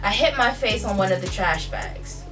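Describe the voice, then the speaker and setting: A young woman vlogger telling a personal story in a candid, profane, animated way. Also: medium pitch, normal speed, distant mic. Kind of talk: casual storytime. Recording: voice off-mic with faint music.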